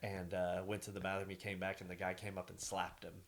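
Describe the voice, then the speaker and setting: Laid-back joking young man, low voice. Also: monotone, fast, creaky. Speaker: podcast guest. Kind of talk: casual chat.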